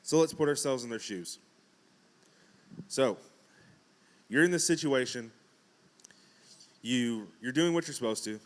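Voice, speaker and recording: A man preaching in a relaxed, conversational way from a church pulpit. His voice sits at a middle pitch. He breaks into acted-out quotes and jokes as he goes. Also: unhurried, long pauses. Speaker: pastor. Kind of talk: casual sermon.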